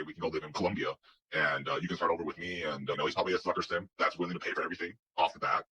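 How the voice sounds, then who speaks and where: A man's voice: lowish voice, sharp tone, slightly rough, poor audio. A man telling a personal story in a casual, rambling way, full of restarts and quoted dialogue. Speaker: guest telling his story.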